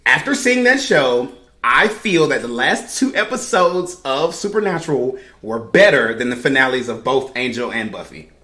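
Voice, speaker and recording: A woman on a podcast panel, telling her story in an animated, emphatic way in casual chat. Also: extremely low pitch, normal speed, reverberant. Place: podcast studio room.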